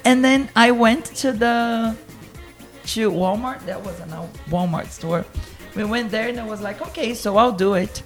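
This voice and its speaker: A woman teacher tells travel stories in casual chat, animated and laughing often. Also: on the high side, a little slow, soft background music. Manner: lively storyteller, laughs often.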